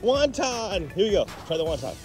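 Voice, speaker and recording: A man's voice: high-pitched, big pitch swings, normal speed. A man vlogging a shopping trip with his toddler, talking in a playful sing-song baby-talk way and laughing often, inside a big warehouse store. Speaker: vlogger dad. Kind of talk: casual family vlog chat. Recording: background music under the voice.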